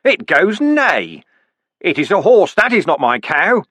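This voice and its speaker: A man voicing a delirious, wounded male watchman who mumbles in a daze and then breaks into anguished shouts, on a storybook reading. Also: high-pitched, sing-song, a little slow, dry recording, pitched above the performer's own voice, full character voice. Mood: raving. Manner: dazed, slurred, erupting into anguished shouts.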